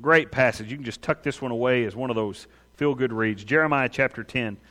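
A man preaching a sermon to his congregation, animated and emphatic, often calling out for an amen. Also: medium pitch. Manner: animated preaching with quick acted voices; asks the congregation for amens. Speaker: pastor.

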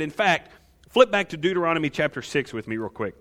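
A pastor, preaching a lively sermon full of rhetorical questions and light humor. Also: male voice, fairly high pitch, brisk.

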